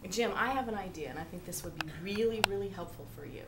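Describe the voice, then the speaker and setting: A woman's voice: mid-range voice, lively intonation, quick pace, reverberant, noisy background. A woman playing a group therapist in a comedy sketch, soothing and encouraging.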